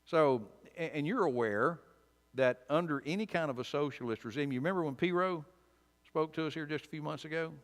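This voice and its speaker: A man's voice: on the high side, fairly quick. A man preaching a conversational sermon and Bible study, informal and wry, often restarting his sentences. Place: church sanctuary. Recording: long church reverb.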